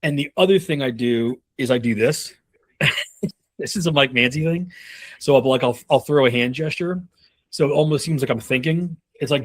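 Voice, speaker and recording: A man's voice: medium pitch, normal speed. A man in his thirties coaching on a call, casual and rambling, with many fillers and restarts. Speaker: sales leadership coach.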